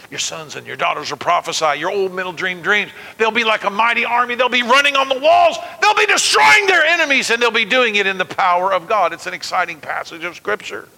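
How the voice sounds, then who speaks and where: A man preaching a sermon, animated and calling on the congregation to repeat words back to him. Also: high voice. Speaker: pastor. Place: church sanctuary. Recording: long reverb of a large hall.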